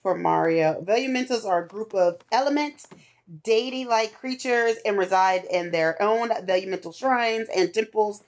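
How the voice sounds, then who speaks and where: A woman's voice: mid-range voice, normal speed. Teasing woman co-hosting a let's play. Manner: teasing, sarcastic quips. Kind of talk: casual gameplay commentary.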